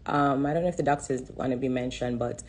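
Jamaican woman, low and husky, emotional halting testimony on a live stream. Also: darkish tone. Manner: halting and repetitive, pausing to hold back tears. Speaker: livestreamer sharing a testimony.

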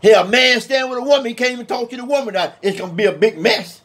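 A man teaching from the Bible in an emphatic, colloquial sermon, slowing down to read scripture. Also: very high-pitched, a bit bright. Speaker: preacher.

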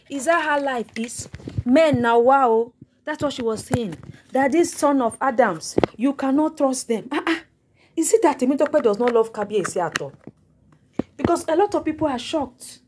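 A woman's voice: high-pitched, lively intonation, normal speed, background noise. A woman with a Nigerian accent giving mocking gossip commentary to her viewers, repeating herself and breaking into laughter. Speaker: celebrity gossip vlogger.

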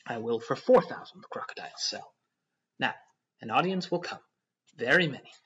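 A man's voice: mid-range voice, animated, moderate pace, fairly bright tone, close to an everyday voice. A man voicing a greedy, stubborn German showman who haggles in broken word order. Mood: greedy boastful. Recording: dull lo-fi audio.

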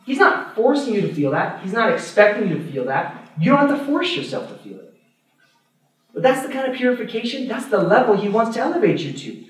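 High-voiced priest preaching in an echoey hall. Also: male voice, a little fast. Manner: animated, laughs while telling stories. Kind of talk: adult formation talk. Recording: echoey room, mic far off.

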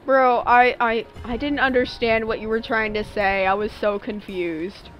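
Slow-talking, slangy young woman streamer. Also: on the high side, fairly even intonation, muffled recording, faint music behind. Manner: slangy, loose and chatty. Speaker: live streamer. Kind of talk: casual chat while gaming on stream.

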